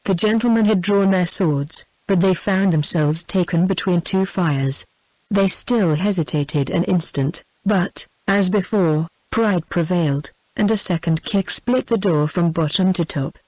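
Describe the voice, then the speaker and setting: A synthetic text-to-speech female voice with a British accent, narrating a classic novel in even, unvaried pacing. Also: lowish voice, measured pace, dry recording, low-quality recording. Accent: British English.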